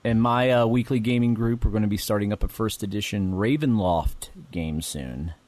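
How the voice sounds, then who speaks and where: A man's voice: fairly low pitch, normal speed, a little mellow, dry recording. A man co-hosting a gaming podcast in casual chat, agreeable and mostly chiming in. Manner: agreeable, brief interjections. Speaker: podcast co-host.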